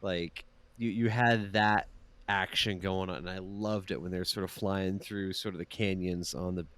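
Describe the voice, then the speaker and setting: Male podcast guest, low voice, casual and hesitant, lots of fillers. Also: fairly even intonation, moderate pace, fairly bright tone.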